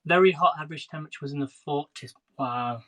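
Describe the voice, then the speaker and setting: A man in his thirties hosts a casual cooking livestream from his home kitchen, chatting with viewers as he cooks. His voice is on the high side, fast, and fairly bright. Captured on a phone, the rough recording picks up kitchen clatter and clicks.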